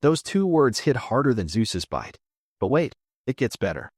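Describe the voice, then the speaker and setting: A man tells a reddit story with dry sarcasm, his pitch bouncing lively up and down. His voice is close and dry, with no room sound around it. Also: moderate pace, husky, dry recording. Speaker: narrator. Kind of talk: scripted narration of a reddit story.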